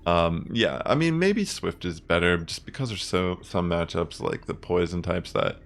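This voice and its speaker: A young man casually commenting on his own online game matches, chatty and relaxed, thinking aloud with fillers. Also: low-pitched, moderate pace, gravelly. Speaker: gaming content creator.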